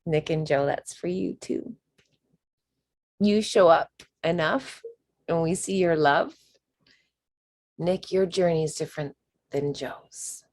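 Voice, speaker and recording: A woman leads a spiritual workshop in a slow, deliberate way, leaning hard on key words. Her voice is breathy and a little husky. She often sinks into a near whisper. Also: low-pitched, darkish tone. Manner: slow, emphatic, drops to whispers. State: emotional. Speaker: workshop leader.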